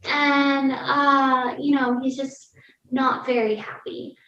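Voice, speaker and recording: A woman with a high, level, sharp voice speaks slowly as a podcast guest, candidly sharing a personal story full of "like" and laughing through the hard parts. The recording sounds roomy, distant and dull, with faint ambience and slight background noise.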